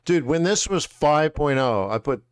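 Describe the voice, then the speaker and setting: A man hosting a live trading webinar, chatting casually in slangy, animated storytelling that acts out quotes. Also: a little high, a little slow, clean tone. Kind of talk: casual chat.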